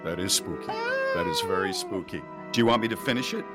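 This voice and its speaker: A man co-hosting a radio talk show, retelling a story in a rambling, animated way with restarts. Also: fairly low pitch, brisk, over loud music. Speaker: radio co-host. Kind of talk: casual storytelling.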